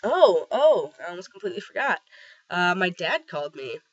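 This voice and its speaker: A young man with a voice roughened by a cold, rambling casually with lots of fillers in a personal video diary. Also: high voice, sing-song, normal speed, fairly bright tone. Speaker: vlogger. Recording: slightly dull lo-fi sound.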